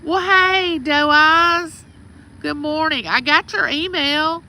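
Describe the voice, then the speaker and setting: A woman's voice: high-pitched, takes it slowly, sharp tone, low-quality recording. A middle-aged woman from Mississippi with a Southern accent, chatting casually on a livestream from outside her home and greeting viewers by name. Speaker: livestream host. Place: outdoors at home.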